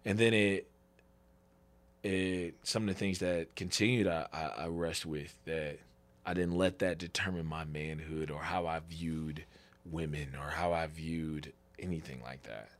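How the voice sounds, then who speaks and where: A man in his thirties giving an earnest, halting faith testimony as a podcast guest, tearful. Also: a bass voice, steady tone. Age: 30s. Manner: halting, restarts often, earnest and tender.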